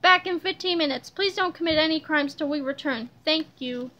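An earnest, bumbling male superhero from a storybook reading, upbeat and sincere, as a woman reader puts him on. The voice stays bright and high, much like the reader's own. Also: normal speed.

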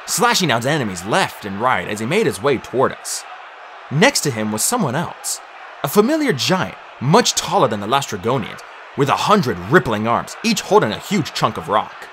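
Male audiobook reader, mid-range voice, expressive and dramatic. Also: medium pitch, a little hiss or hum. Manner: animated, dramatic storytelling with raised voice for shouted lines. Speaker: audiobook narrator. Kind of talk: audiobook narration.

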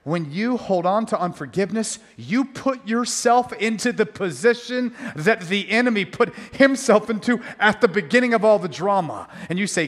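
A male pastor delivers a sermon in a fairly high voice, hammering points through repetition and breaking in with jokey asides. His voice rings out with a long reverb trailing through the church hall. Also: expressive, moderate pace, few pauses.

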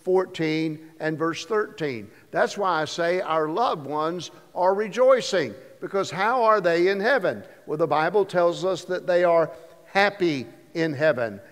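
High-voiced pastor preaching in a reverberant sanctuary. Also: male voice, lively intonation, fairly bright tone. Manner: slows down and stresses scripture quotes. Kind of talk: sermon. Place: church sanctuary. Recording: long reverb of a church hall.

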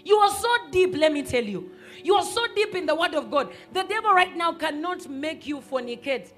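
A woman pastor, preaching a sermon emphatically and sometimes rising to a shout. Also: sits high, lively intonation, normal speed, faint music behind. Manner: emphatic, rises to shouts and acts out quoted voices.

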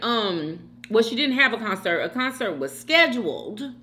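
A woman's voice: mid-range voice, very animated, moderate pace, few pauses, sharp tone. A middle-aged woman vlogger chatting casually while she eats, talking straight to her viewers and calling them y'all and girl. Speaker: mukbang vlogger. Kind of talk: casual gossip chat while eating.

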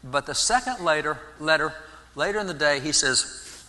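A man giving an animated sermon-style history talk in a church, often restarting his words. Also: on the high side, normal speed. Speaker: guest speaker on history. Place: large church sanctuary. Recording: long church reverb.

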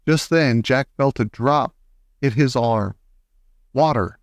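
A man reading a children's storybook aloud, taking his time over every line with an expressive storytelling manner. His voice sits at a middling pitch, and the recording is close and dry. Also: slow pace, no room sound. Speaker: audiobook reader. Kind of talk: children's book read aloud.

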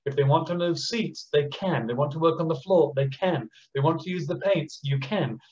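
A man's voice: fairly high pitch, darkish tone, lo-fi sound. A man with an Australian accent, speaking passionately as an education speaker at an online conference, often acting out teachers and children. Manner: passionate, acts out teachers and children in quick impressions.

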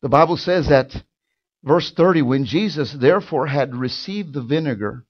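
A man preaching a sermon in a church, building from quiet, drawn-out lines to loud, fervent shouting. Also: mid-range voice, animated, lo-fi sound. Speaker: pastor. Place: church sanctuary.

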